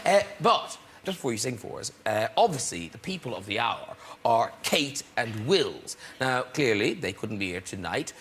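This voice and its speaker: A man's voice: medium pitch, big pitch swings, moderate pace, hardly any pauses, a bit bright, a little hiss or hum. A man hosting a television talk show in a studio before an audience, playful and given to exclamations.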